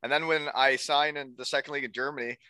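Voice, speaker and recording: A man's voice: mid-range voice, fairly even intonation, fast, sharp tone, clear, resonant tone. A man hosting a casual podcast, laughing often and mimicking people as he tells stories. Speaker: podcast host. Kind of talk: casual chat.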